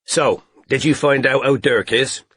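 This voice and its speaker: A man voicing a gruff, awkward male private detective who speaks low, halting and careful. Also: fairly even intonation, a bit bright, dry recording, clean studio sound. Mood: wry.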